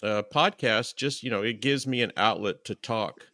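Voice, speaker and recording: A man hosting a hiking podcast, telling stories in a chatty, animated way and acting out what people said. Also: on the low side, moderate pace, no echo. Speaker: podcast host. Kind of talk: casual interview chat.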